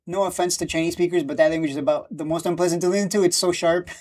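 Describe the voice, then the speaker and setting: A man chatting casually on a live stream about stock charts, rambling and quick to laugh or get annoyed. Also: on the high side, fairly even intonation, a little mellow.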